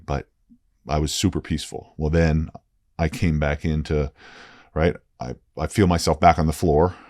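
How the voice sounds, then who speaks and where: A man's voice: rumbling low, a little mellow, no room sound, clean studio sound. A former football player in his forties, a guest telling a candid story in an earnest, emphatic way, often adding "right?".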